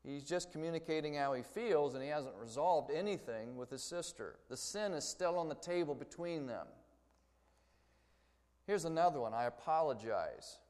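A man's voice: a little high, normal speed, a little mellow. Man teaching in a reverberant hall. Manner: conversational, explains with story examples. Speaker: Bible teacher. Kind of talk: church lecture.

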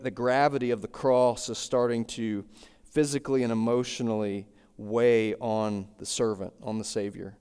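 A man's voice: medium pitch, a little mellow, smooth. A man preaching an expository sermon, walking through a text verse by verse and circling back with repeated phrases. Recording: long hall reverb.

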